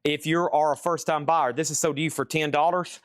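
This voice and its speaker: His fairly high voice keeps a fairly even intonation as he hosts a live online record sale, reeling off items and prices in brisk, chatty patter with casual asides to viewers. The sound is clean studio audio without echo.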